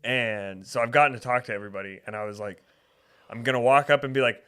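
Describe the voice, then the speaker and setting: A man's voice: medium pitch, fast talker, bright, forceful tone, clear, resonant tone. A man co-hosting a podcast, telling stories in casual chat with laughs and swearing, in a small studio. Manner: laughing storyteller, swears a lot. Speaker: podcast co-host.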